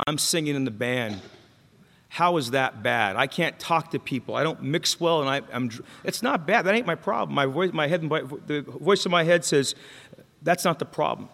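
Man, recovery meeting speaker, wisecracking testimony, slightly high pitch, long hall reverb. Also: animated, moderate pace, creaky, a bit bright. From Mexican-American. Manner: candid, wisecracking storyteller with crowd asides. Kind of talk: personal testimony talk.

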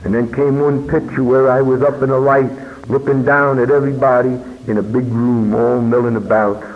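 A man telling his personal recovery story as a meeting speaker, earnest and unhurried, with emphatic pauses. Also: medium pitch. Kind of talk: personal testimony talk. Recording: dull lo-fi recording with long hall reverb.

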